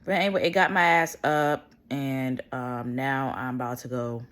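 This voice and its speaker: A woman's voice: a bass voice, steady tone, moderate pace, a bit bright. A woman vlogging from bed at home, venting in casual, profane talk.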